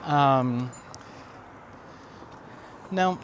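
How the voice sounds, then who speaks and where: Speaking very slowly in a mid-range voice, a man vlogs outdoors while walking his dog along a neighborhood street, with slight background noise. He chats informally, reads viewer comments aloud, and fills his talk with fillers and restarts.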